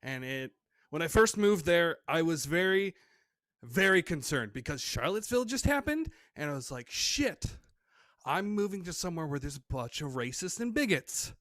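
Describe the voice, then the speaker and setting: A man doing stand-up comedy from home, with a high, bright voice that rises and falls in a lively way as he acts out the people in his stories. He sounds close and dry on his computer mic. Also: moderate pace, dry recording. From Michigan, USA. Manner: animated, self-deprecating, acts out quoted voices. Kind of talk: stand-up set over video call. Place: home room.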